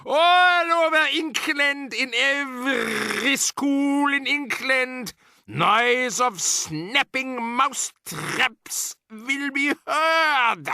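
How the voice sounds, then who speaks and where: A man voicing a ruthless, gloating female witch leader in an audiobook, shouting triumphantly in broken grammar. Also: very high voice, animated, drawn-out words, vocal fry, no echo, pitched above the performer's own voice, exaggerated voice. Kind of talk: audiobook character voice.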